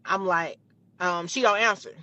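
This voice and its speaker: A woman tells a personal story in a lively, blunt way, swearing freely. Her voice is bright and forceful. The clip sounds dull and dry, like a lo-fi recording. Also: on the low side, moderate pace, dry recording. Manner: animated, profane, blunt. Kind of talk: casual storytelling.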